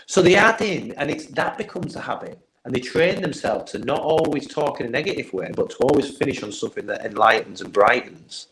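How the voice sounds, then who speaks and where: A man's voice: mid-range voice, expressive, fairly quick, hardly any pauses, fairly bright tone, poor audio. A man who works as a mindset and performance coach, chatting casually as a podcast guest and telling earnest, motivational anecdotes.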